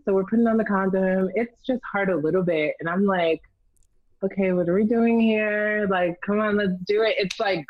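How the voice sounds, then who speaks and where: A young woman telling a candid, profane story in a casual chat, lively and blunt. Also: fairly low pitch, dry recording, lo-fi sound. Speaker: storyteller guest.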